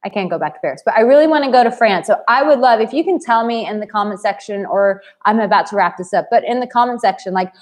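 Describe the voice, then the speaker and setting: A woman's voice: medium pitch, animated, fast, hardly any pauses. A woman in her late thirties, a dating coach talking in a live stream, blunt and effusive as she reads viewers' comments aloud. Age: 30s. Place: home in Bali.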